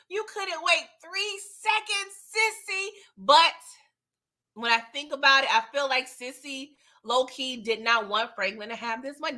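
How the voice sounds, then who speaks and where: A woman hosting a casual TV recap, animated and laughing as she acts out the scenes. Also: a little high. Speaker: TV recap host. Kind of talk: casual chat.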